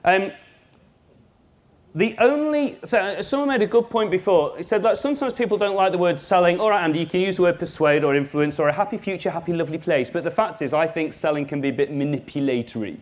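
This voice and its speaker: A man giving a live workshop talk as a business trainer, lively and jokey, speaking straight to his audience. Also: high voice, quick pace.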